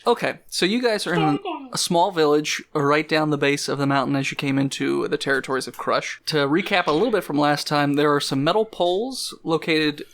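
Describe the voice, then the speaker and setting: Male game master, easygoing narrator, gravelly low edges, slightly raised pitch. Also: fairly quick, fairly bright tone.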